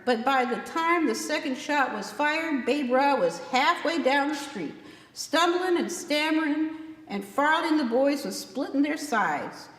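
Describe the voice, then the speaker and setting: A woman's voice: high voice, fairly bright tone. A woman author reading her own novel aloud, acting out the dialogue with shifting voices. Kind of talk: dramatic book reading. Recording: echoey room with long reverb.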